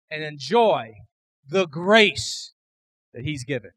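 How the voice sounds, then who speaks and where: A man preaching a sermon as pastor, emphatic, building to loud repeated declarations. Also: on the high side, big pitch swings, slow pace, pauses often, dry recording, rough recording.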